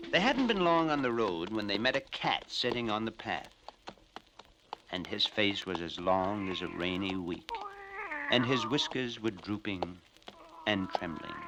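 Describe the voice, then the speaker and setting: A man narrating fairy tales in an animated, expressive storytelling manner. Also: lowish voice, a little slow, long pauses, over music, rough recording. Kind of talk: scripted fairy-tale narration.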